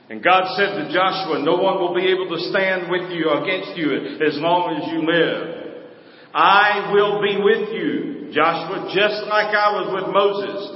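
Emphatic preacher in an echoey hall. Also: male voice, on the high side. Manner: emphatic, sing-song preaching cadence with sudden volume swings. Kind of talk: sermon. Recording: echoey hall, dull sound.

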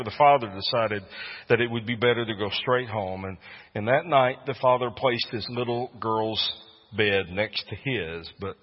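A man preaches with earnest conviction, rising to loud, fervent peaks. His voice is a touch husky, and the sound is muffled and lo-fi. Long reverb from a large hall trails after his words. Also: mid-range voice. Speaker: pastor. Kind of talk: sermon.

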